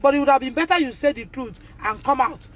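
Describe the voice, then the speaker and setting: Indignant Nigerian mother with a high voice who drives her points home by repeating them. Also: fast talker. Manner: emphatic and indignant, repeating phrases, addressing the school directly. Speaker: mother of a pupil. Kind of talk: impassioned live video appeal.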